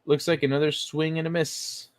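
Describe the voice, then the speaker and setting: A man's voice: on the high side, level tone, normal speed, no echo. A man hosting a casual livestream, reading chat messages aloud and answering them in a blunt, profane way.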